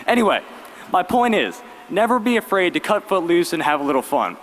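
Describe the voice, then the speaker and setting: A young man, giving a graduation speech as valedictorian with lively storytelling and wry humor. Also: high voice, fairly quick. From Virginia, US. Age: late teens. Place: large arena. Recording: long arena reverb.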